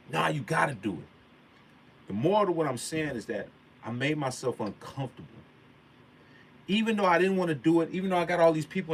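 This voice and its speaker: A man's voice: mid-range voice, a bit bright. A man with a mid-range voice talks straight to his viewers, telling a personal story and turning it into a pep talk. His speech is loose and slangy, and he leans hard on key lines and repeats them. A faint noise sits under the recording. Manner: emphatic, preachy, repeats key points. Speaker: vlogger. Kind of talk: motivational storytelling monologue.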